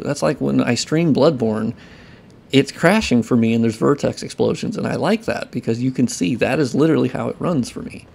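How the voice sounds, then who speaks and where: Gravelly-voiced man ranting casually. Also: mid-range voice, a little fast, a little mellow. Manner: loose, ranting, profane, heated. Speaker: modder and video creator. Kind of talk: casual talking-head commentary.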